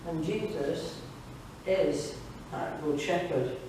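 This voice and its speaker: In a church hall, a woman gives a devotional talk at a fellowship evening, reading a story aloud and tossing chatty asides to the audience. Her voice sits low and moves slowly. The hall is very echoey, the mic distant, and there's background noise.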